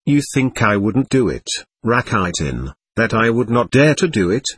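A man's voice: fairly low pitch, very animated, moderate pace, fairly bright tone, slightly rough, exaggerated voice. A man reading the lines of a passionate, volatile young woman, proud and wounded, whose tone swings between tenderness and scorn. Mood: defiant.

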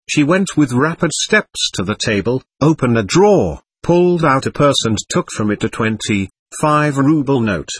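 A man narrating a classic novel as an audiobook with expressive storytelling, on a close mic. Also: mid-range voice, a little slow, husky, no echo.

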